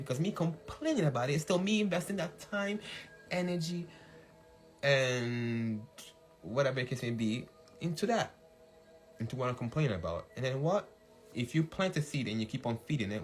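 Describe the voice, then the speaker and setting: A podcast host with a mid-range voice leads a casual livestream talk, animated and laughing often. He shouts when acting out hype, and faint music plays in the background.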